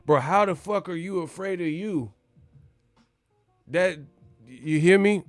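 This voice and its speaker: A man's voice: high voice, takes it slowly, no room sound, soft background music. Brash, swearing boxing commentator man. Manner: brash, animated, swears constantly. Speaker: boxing channel host. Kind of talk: casual profane commentary.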